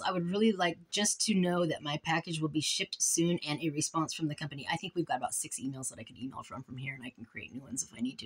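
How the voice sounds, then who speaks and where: A woman's voice: sits low, fast, hardly any pauses, breathy edge. A young woman in a casual vlog at home, reading out emails and complaints, frustrated and exasperated, trailing off and restarting. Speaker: vlogger.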